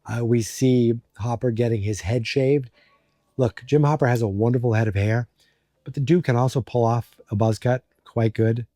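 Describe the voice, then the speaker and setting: A man's voice: medium pitch, steady tone, moderate pace, dark tone, no echo, studio quality. A man hosting a podcast, recapping an episode in a rambling, joking way with many fillers. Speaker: podcast host.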